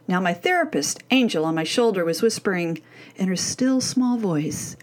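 A middle-aged woman presenting a parenting course and telling a personal story in a scripted, animated way, leaning hard on key words. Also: medium pitch, normal speed.

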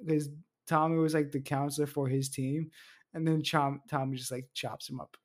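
A man on a casual podcast, telling stories in a lively way with lots of filler words. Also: fairly high pitch, normal speed. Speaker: podcast panelist. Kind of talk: casual chat.

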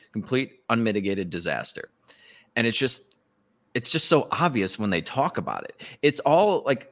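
A man's voice: fairly low pitch, fairly bright tone. Profane sarcastic male podcast host. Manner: profane, sarcastic, laughs often. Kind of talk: casual political chat.

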